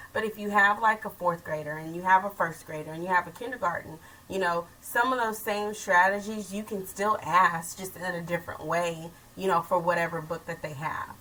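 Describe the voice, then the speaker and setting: A woman's voice: medium pitch, a bit bright, far from the mic, low-quality recording. A woman hosting a casual school talk show for parents, chatty with many asides. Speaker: host.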